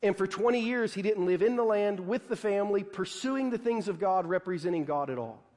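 A man delivering a sermon in a relaxed, chatty preaching style, with plenty of "like" and little acted-out quotes. His voice sits a touch high for a man. It rings out with a long reverb through a big hall. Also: a little fast. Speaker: pastor.

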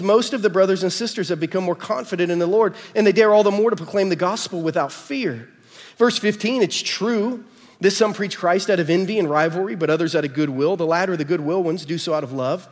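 A middle-aged man with an American accent, preaching a sermon and telling family stories in an animated way, acting out the dialogue. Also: high-pitched. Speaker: pastor. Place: church sanctuary. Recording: reverberant church hall.

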